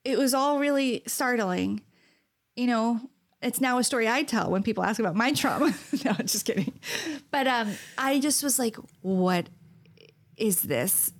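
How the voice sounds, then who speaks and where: A woman's voice: fairly high pitch, moderate pace. A woman co-hosting a podcast in casual chat, telling stories with lots of laughter and acted-out quotes. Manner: animated storyteller, laughs often, acts out quotes. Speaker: podcast co-host.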